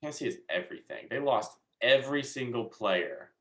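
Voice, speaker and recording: A man's voice: mid-range voice, expressive, a little fast, a bit bright. A young man co-hosting a casual sports podcast, blunt and offhand. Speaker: co-host.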